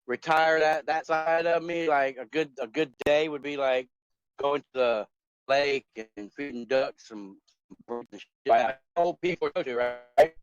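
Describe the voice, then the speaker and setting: A man's voice: fairly high pitch, unhurried, smooth, no echo. Guy in his 40s rambling on a phone call, dull lo-fi sound, dry. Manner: rambling, many fillers and restarts. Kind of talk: casual chat. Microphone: phone on a voice chat app.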